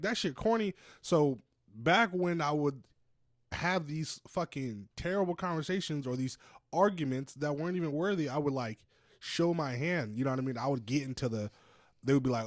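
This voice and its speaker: A young man co-hosting a podcast in casual, slangy chat, swinging between loud bursts and low, quiet stretches. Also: lively intonation, moderate pace, dry recording, clean studio sound. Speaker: podcast co-host.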